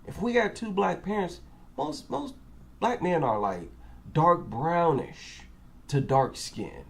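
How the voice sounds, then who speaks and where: Man, African American accent, reaction commentary, incredulous, rhetorical, unhurried. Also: fairly high pitch, huge pitch swings, gravelly.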